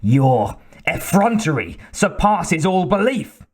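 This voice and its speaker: A man voicing a frightened old king who speaks in a shrill, quavering voice. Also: big pitch swings, takes it slowly, exaggerated voice. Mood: outraged. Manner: shrill, shaking outbursts.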